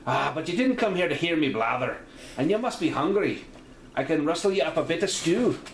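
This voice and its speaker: A man's voice: fairly high pitch, lively intonation, fairly quick, roomy sound, slight background noise, pitched above the performer's own voice. A man doing May, a lilting village landlady. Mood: chatty. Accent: put-on Irish-Scottish lilt. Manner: chatty, homely and welcoming. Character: kindly middle-aged village landlady.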